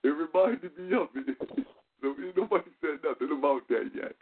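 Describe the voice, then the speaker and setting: A man with a fairly high voice hosts a casual call-in show. He comes through a tinny, phone-like line, animated and quick to laugh as he greets callers by name. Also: slight background noise.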